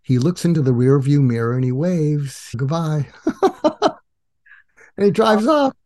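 A man's voice: fairly high pitch, normal speed. An older man, a psychiatrist and author, telling stories in a casual interview and acting out the quoted voices. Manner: animated storyteller acting out quoted dialogue.

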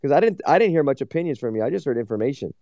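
Casting: quick, mocking male speaker, dry sound, foul-mouthed. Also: mid-range voice, lively intonation, warm tone, dry recording. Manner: taunting, mocking, heavy swearing. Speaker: regular speaker in a live audio room. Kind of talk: profane taunting banter.

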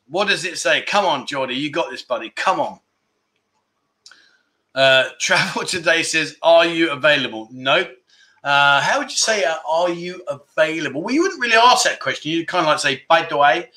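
A man hosting a casual livestream chat, reading out viewer comments and teasing them in a playful, excitable way. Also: fairly high pitch. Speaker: livestream host. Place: Pattaya, Thailand.

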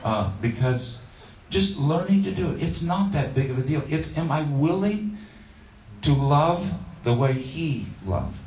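A man's voice: on the high side, animated, unhurried, a little mellow, a little hiss or hum. A man preaching a conversational sermon, telling a homey story with many ums and restarts. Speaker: pastor. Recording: roomy distant dull sound.

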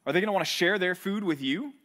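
Animated preacher with a higher-pitched voice. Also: male voice, quick pace. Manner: animated, acts out quoted voices. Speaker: pastor. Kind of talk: sermon.

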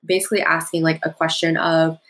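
A woman speaking as a podcast guest, explaining in a relaxed, conversational way with frequent filler words. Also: deep voice, a little fast, low-quality recording.

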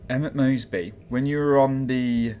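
A man's voice: medium pitch, steady tone, moderate pace, dark tone, smooth. Man narrating as game master. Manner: descriptive, hesitant with fillers.

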